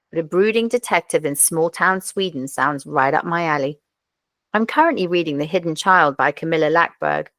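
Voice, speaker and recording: Give me a wry woman with a low voice, hosting a book podcast. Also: a bit bright, no echo. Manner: wry, self-deprecating. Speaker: podcast host. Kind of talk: scripted book review talk.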